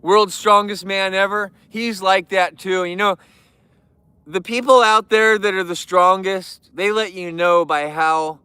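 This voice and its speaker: Young sounding dude joking around on a stream, smooth clear voice, dry close mic. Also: male voice, sits high, steady tone, unhurried, pushed and bright, no room sound. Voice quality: youthful-sounding. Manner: joking, goofy, chatty. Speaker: livestream host. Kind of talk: casual livestream chat.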